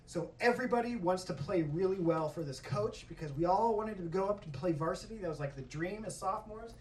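A man telling a stand-up story on a comedy stage, swearing freely and acting out yelling coaches. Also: high-pitched, fairly quick, recorded from a distance. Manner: profane, animated, acts out coaches' yelling. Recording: echoey hall with crowd laughter, mic from afar. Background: audience laughing.

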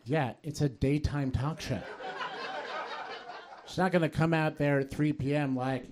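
A man performing a stand-up comedy set on stage, telling conversational stories that build to quick punchlines. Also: fairly high pitch, steady tone, background noise. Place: comedy stage before a live audience. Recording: live set with audience laughter. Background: crowd laughing.

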